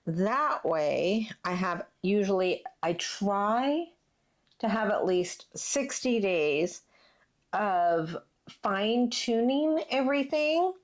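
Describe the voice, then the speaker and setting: A woman hosts a relaxed crafting chat on her channel. She talks in a chatty, rambling way, full of ums and likes. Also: mid-range voice, takes it slowly. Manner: chatty, plans ahead, lots of fillers. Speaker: channel host. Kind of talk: casual chat while crafting.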